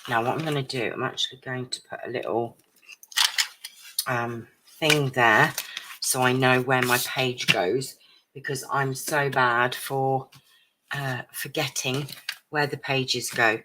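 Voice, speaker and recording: A woman chatting through a craft live stream at her home desk, a little croaky and out of breath, with lots of ums. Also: rumbling low, fairly even intonation, takes it slowly, very noisy. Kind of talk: casual craft chat.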